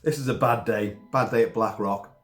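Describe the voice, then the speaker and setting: A man's voice: lowish voice, fairly even intonation, moderate pace, fairly bright tone, echoey room, faint music behind. A man, sick and coughing, giving a rambling casual film review with asides and mild swearing.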